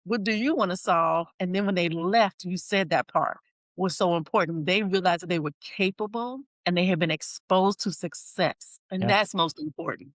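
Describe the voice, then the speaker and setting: A woman hosting a podcast, telling stories in a lively casual chat and acting out what people said. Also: fairly low pitch, moderate pace, no room sound. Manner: animated storytelling, acts out quotes. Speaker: podcast host.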